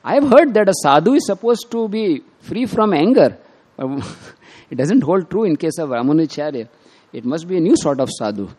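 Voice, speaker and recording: A man doing a sharp-tongued scolding wife. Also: on the high side, very animated, moderate pace, pitched above the performer's own voice. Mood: sarcastic. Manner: scolding, sarcastic, louder than his narration. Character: sharp-tongued proud wife, young woman.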